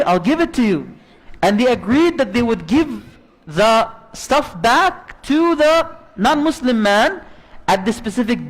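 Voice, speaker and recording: High-voiced man preaching a story sermon. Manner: animated, conversational, acts out quotes in the story.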